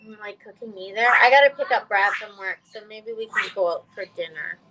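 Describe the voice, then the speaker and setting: A woman's voice: medium pitch, a little fast, heavy background noise. A woman hosting a casual livestream chat, talking with viewers and cooing at her pet birds in a sing-song voice. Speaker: bird channel host.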